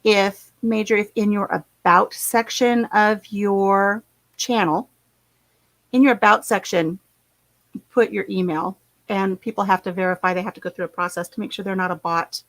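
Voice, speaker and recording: A woman's voice: mid-range voice, steady tone, moderate pace, fairly bright tone, dry recording, rough recording. A middle-aged woman, chatting casually and rambling with her viewers as host of her channel. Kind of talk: casual livestream chat.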